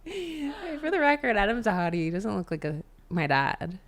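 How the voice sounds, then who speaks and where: A woman's voice: medium pitch, very animated, normal speed. A woman co-hosting a podcast in casual chat, with wry joking asides. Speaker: podcast co-host.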